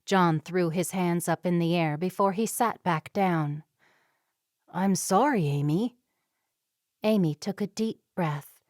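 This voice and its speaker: Woman narrating a romance audiobook, calm and unhurried, dead dry close mic. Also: lowish voice, dry recording. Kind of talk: scripted narration.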